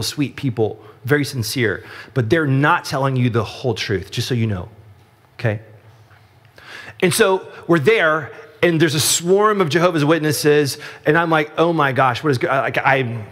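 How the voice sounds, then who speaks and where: A man from Texas preaching a sermon as pastor, telling stories in a conversational, animated way. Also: normal speed, big-room sound. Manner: conversational storytelling, animated rises in pitch. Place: church sanctuary.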